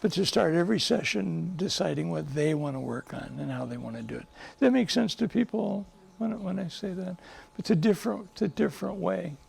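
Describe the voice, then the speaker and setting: A man's voice: high-pitched, lively intonation, fairly quick, vocal fry, hardly any pauses, darkish tone, slightly rough. An older male psychologist telling stories to a live group, earnest and emphatic, often restarting his sentences. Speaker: psychologist and guest speaker. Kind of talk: speaking to a live group, storytelling.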